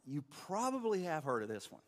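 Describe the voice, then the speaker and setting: A man's voice: fairly high pitch, very animated, brisk, long reverb tail. A man teaching a church class in a conversational, explaining way, with fillers and restarts. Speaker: pastor or teacher.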